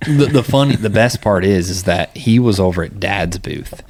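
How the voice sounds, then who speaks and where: Low-voiced man telling stories. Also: animated, normal speed, a little mellow, no echo. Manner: storytelling, laughs often. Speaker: podcast host. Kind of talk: casual chat.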